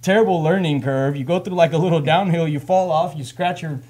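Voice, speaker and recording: A man in his thirties co-hosting a relaxed podcast, telling a long, winding story and laughing along the way. His voice sits a bit high, and he tends to restart and repeat his phrases. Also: brisk. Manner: rambling storyteller, laughs often, repeats himself. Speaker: podcast host. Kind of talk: casual chat.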